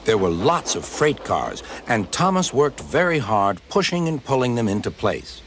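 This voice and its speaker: A man reading a children's storybook aloud in an expressive way. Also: medium pitch, normal speed, a little hiss or hum. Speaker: narrator. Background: music.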